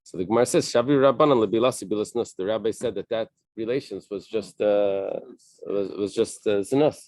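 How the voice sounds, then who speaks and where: A man leading a Talmud study class, reading Aramaic passages and translating them in a casual, halting way with many fillers and restarts. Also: on the low side, mellow, dry recording. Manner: casual, thinking aloud.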